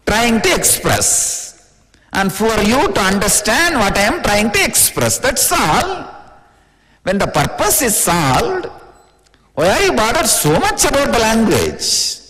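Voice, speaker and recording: A spiritual teacher from India with an Indian accent, giving an informal, playful, teasing discourse in plain words. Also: male voice, sits high, wildly swooping pitch, slow pace, a bit bright. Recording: long reverb of a large hall.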